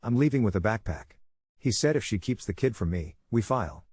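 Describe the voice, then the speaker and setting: Man, story narration, steady measured reading, slightly low voice, dry close sound. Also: breathy edge, dry recording. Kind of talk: scripted first-person story narration.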